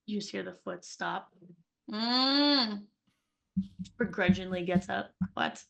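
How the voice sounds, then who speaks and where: Playful gravelly woman player. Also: fairly low pitch, little pitch movement, a little fast. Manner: playful, lots of "like". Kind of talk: casual tabletop game narration.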